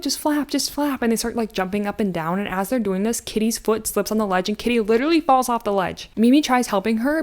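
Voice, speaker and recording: A woman in her thirties giving a casual, animated movie recap, sarcastic and full of slang. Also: medium pitch. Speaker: YouTube commentator.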